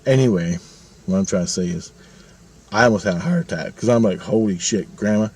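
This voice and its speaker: A man's voice: low-pitched, fairly quick, darkish tone, slightly rough. A man in his fifties telling a personal story in a casual, rambling monologue, swearing freely and retelling it animatedly. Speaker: vlogger.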